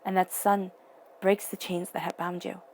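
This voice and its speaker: A woman's voice: fairly low pitch, flat delivery, normal speed, gravelly, a little mellow, a little hiss or hum. A young adult woman giving an emotional, earnest tarot reading, sometimes dropping to a near-whisper. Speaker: tarot reader.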